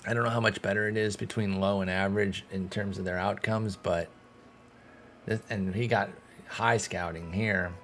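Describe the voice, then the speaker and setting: A young man talks his way through a sports management game in a low, gravelly voice. He thinks aloud casually and now and then jumps into loud, excited outbursts. Soft music plays faintly underneath. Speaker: streamer playing a baseball management game. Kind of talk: casual gameplay commentary.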